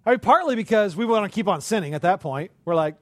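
A man preaching a sermon in a conversational way, asking the listeners rhetorical questions and rising to loud, emphatic passages. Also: sits high, animated, quick pace, no room sound, studio quality.

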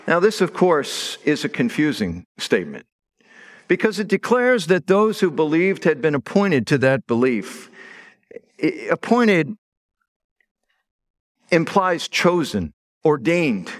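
A middle-aged man preaching a sermon as pastor, telling stories in a conversational way and leaning hard on key words. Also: a little high. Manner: conversational storytelling with stressed words.

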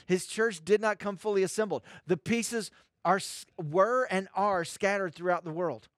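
A man's voice: high voice, moderate pace, fairly bright tone, dry recording, studio quality. A male pastor preaching a sermon, emphatic and repeating phrases for stress.

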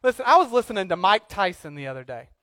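A pastor preaching a sermon from a church pulpit in a joking, conversational way, swinging from quiet asides to loud, emphatic outbursts. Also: male voice, sits high, big pitch swings, quick pace, dry recording, studio quality.

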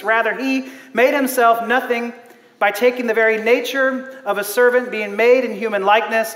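A man with a very high voice preaches a lively sermon, laughing often and acting out the people he quotes. His voice carries through a church hall with a long, roomy reverb. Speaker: pastor. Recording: echoey hall.

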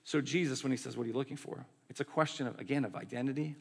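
Gravelly conversational preacher man. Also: mid-range voice, rapid-fire. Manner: conversational, acts out quotes in voices. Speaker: pastor. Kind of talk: sermon.

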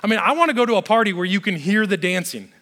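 A man's voice: high-pitched, animated, fast talker, sharp tone. A man, a pastor, preaching a sermon with emphatic repetition and joking conversational asides. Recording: long hall reverb.

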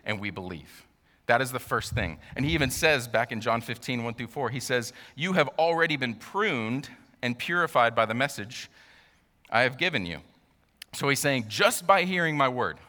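A man preaches a relaxed, chatty sermon, ribbing himself with joking asides. His voice is bright and forceful. A long reverb rings around him in a church sanctuary. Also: mid-range voice. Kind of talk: casual sermon.

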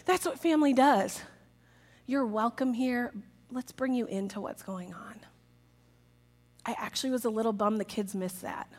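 A woman giving a jokey, lively talk to a church audience about children's ministry, acting out quotes in a raised voice. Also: high voice, normal speed.

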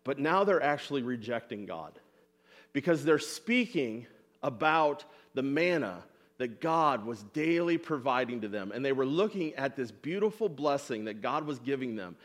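A man's voice: mid-range voice, animated, normal speed. A male pastor giving a sermon, talking earnestly and repeating words as he builds each point. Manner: acts out the people's complaints in quoted voices.

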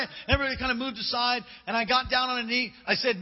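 High-voiced preacher in an echoing hall. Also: male voice, fairly even intonation, fast talker, few pauses. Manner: emphatic, casual preacher who acts out dialogue. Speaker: pastor. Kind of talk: sermon with storytelling. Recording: long reverb, dull lo-fi hall recording.

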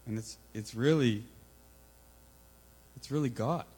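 A man giving an informal, earnest sermon, building to loud emphatic peaks, with a mains hum behind him. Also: fairly low pitch, steady tone, unhurried, poor audio. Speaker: preacher.

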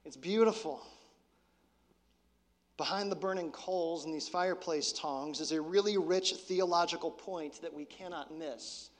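High-voiced pastor preaching in a hall. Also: male voice, measured pace. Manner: conversational preaching, drops to soft intensity. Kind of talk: sermon.

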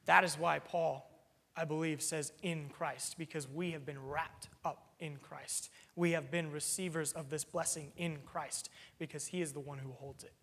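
A man's voice: on the high side, fairly even intonation, normal speed, gravelly, a bit bright, long reverb tail. A man preaching a sermon, earnest and explanatory, working through a text with plain everyday examples and an occasional "um".

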